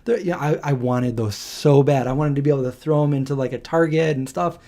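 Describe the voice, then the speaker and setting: A man's voice: medium pitch, a little fast. A man, hosting a live stream and telling a rambling story, laughing as he goes. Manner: rambling and animated, laughing through his stories.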